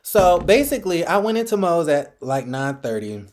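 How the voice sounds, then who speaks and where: A man's voice: a little high, sing-song, moderate pace, a little mellow. A man hosting a casual mukbang vlog, talking bluntly in slang while he eats. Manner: chatty, blunt and slangy, talks while eating. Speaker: vlog host.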